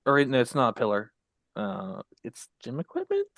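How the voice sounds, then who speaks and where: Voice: medium pitch, huge pitch swings, normal speed, creaky, a bit bright, dry recording, studio quality. A player in a tabletop game, hesitant and asking about rules.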